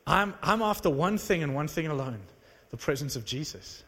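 Animated male preacher in a reverberant hall. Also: fairly high pitch, moderate pace, husky. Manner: animated, conversational, self-mocking. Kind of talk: sermon storytelling. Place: large hall with live audience. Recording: long reverb of a large hall.

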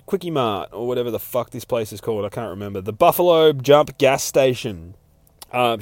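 A man's voice: fairly low pitch, a little mellow, dry recording. A man casually reviewing a comic book issue, rambling and swearing heavily, acting out characters' lines. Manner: rambling, heavily profane, lots of fillers; acts out character quotes.

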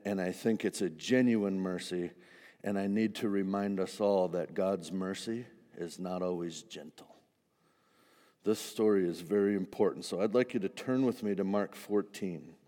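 A man preaching a sermon in a conversational, animated way, acting out the disciples with humor. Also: lowish voice, in a large hall. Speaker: pastor.

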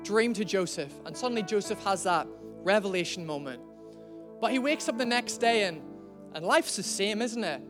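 A man preaching a sermon in a conversational, storytelling way, slowing down to stress key lines. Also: sits high, lively intonation, over music.

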